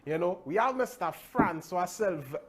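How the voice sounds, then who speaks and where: A man's voice: sits high, lively intonation, unhurried, fairly bright tone. A man hosting a live show, upbeat and repeating hype phrases. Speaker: host.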